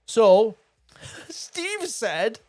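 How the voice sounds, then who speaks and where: A man's voice: very high voice, very animated, very slow, darkish tone, no echo. A young man hosting a comedy show, telling a sweary, mocking story and acting out both sides of the conversation. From Wales. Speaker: comedy podcast host. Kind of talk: comic storytelling rant.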